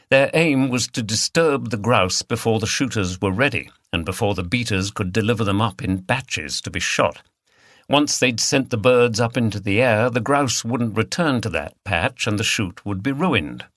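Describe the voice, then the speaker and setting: A man narrating an audiobook in a steady, measured reading style. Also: fairly low pitch, dry recording, clean studio sound. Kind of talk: scripted narration.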